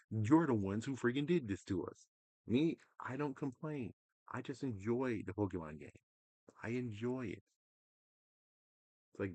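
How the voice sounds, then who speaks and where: Casual gaming ranter, male, deep and dry-sounding, profane and exasperated. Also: no echo. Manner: exasperated, profane, mocking voices; swings between loud outbursts and muttering. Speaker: gaming commentator. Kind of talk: casual rant to camera.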